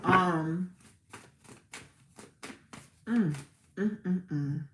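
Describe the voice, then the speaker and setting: A woman's voice: on the low side, drawn-out words, very noisy. A woman tarot reader hosting a casual livestream, talking to her community in a chatty, repetitive way before leading a spoken prayer. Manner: warm, chatty, repeats herself, near tears at times. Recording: roomy echo.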